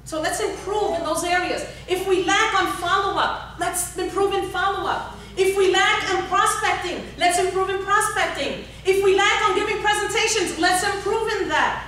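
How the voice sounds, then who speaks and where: High, bright woman exhorting a hall. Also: moderate pace, few pauses, slight background noise. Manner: exhorting, repetitive, asks the audience questions. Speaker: motivational workshop speaker. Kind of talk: motivational seminar talk. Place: large echoey workshop hall. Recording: echoey hall, speaker far from the recorder.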